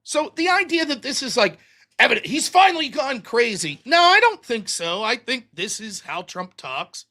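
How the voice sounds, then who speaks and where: A man hosting a live-streamed show, ranting through profane, mocking political commentary that swings from shouting to muttering. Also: very high-pitched, big pitch swings, normal speed.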